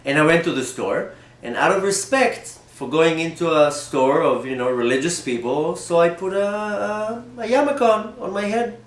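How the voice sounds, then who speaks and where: A rabbi telling a personal story in an animated way, often repeating and restarting his words. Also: on the high side, moderate pace, echoey room. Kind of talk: storytelling talk.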